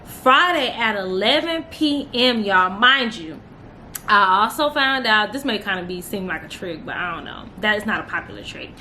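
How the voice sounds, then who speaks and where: A woman's voice: medium pitch, lively intonation, normal speed, bright, forceful tone, slight background noise. A young woman from Texas chatting casually to camera as a vlogger, emotional and talkative, calling her viewers y'all. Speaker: vlogger, newly licensed nurse.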